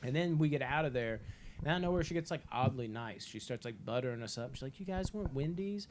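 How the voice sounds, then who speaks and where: Guy in his 20s rambling thru a story on a podcast, swears a ton, normal pitch voice. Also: fast talker, noisy background. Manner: rambling, filler-heavy, swears a lot. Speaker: podcast co-host. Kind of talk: casual storytelling chat.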